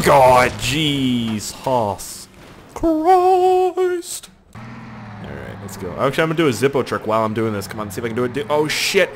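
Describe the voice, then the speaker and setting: Excitable swearing man narrating his gameplay. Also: mid-range voice, a little hiss or hum. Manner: excitable, yelps and laughs at crashes, heavy swearing; rambling running commentary to himself. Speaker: gaming YouTuber. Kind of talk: let's play commentary.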